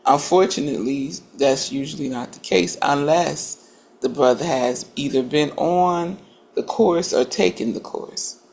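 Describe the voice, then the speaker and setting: A woman's voice: sits low, measured pace, darkish tone. A woman in a casual group discussion, making earnest points and building up to them with emphasis.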